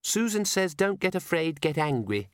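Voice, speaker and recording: A man doing a calm little girl, high-pitched. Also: moderate pace, clean tone, no room sound, studio quality. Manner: calm, matter-of-fact. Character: young girl, calm and sleepy.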